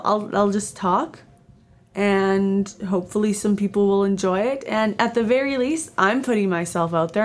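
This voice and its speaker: Chatty young woman podcast host. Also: medium pitch. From Canada. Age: 20s. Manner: chatty, rambling, self-deprecating with many fillers. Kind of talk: casual solo podcast monologue.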